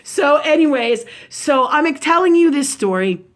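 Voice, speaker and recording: A middle-aged woman hosting a spiritual video, telling a casual story in an animated way, swearing often and asking "right?" again and again. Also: high-pitched, measured pace. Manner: animated, profane, lots of "right?".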